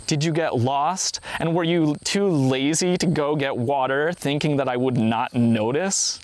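A man's voice: a little high, a little slow, natural voice. A man voicing a grumpy old blind man who growls and scolds his companion. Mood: scolding.

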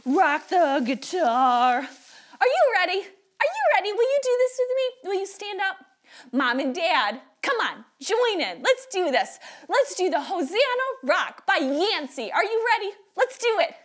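A woman pastor giving an animated Bible lesson to preschool children, full of gasps and questions to the kids. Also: extremely high pitch, moderate pace. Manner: animated, gasping, exaggerated storytelling for small children.

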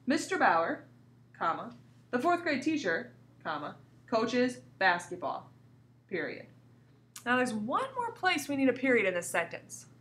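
A woman teacher giving a recorded grammar lesson to young pupils, reading example sentences aloud with marked pauses and coaxing the class with questions. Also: on the high side. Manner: lively, coaxing questions to students. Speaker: elementary school teacher.

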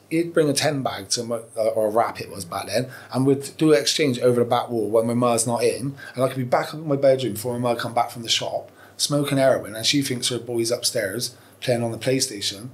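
A man, telling his story as a podcast guest, candid and profane, rambling with restarts. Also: mid-range voice. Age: 40s. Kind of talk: casual interview storytelling.

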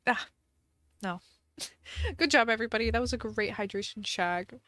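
A woman's voice: on the high side, moderate pace, fairly bright tone, no room sound. A woman live-streaming a game, casually reading viewer questions aloud, playful and giggly with bursts of mock outrage.

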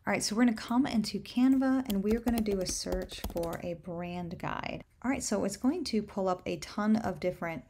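A woman's voice: mid-range voice, normal speed, hardly any pauses, darkish tone, a little hiss or hum. A young woman talking casually as she clicks through design tools in a tutorial, upbeat and full of recommendations. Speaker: candle brand owner. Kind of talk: screen-share tutorial.

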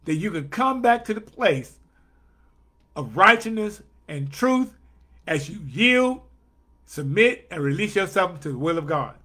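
A male pastor preaching a sermon with an emphatic, repetitive cadence, slowing down to stress key phrases. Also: high voice, big pitch swings, pushed and bright.

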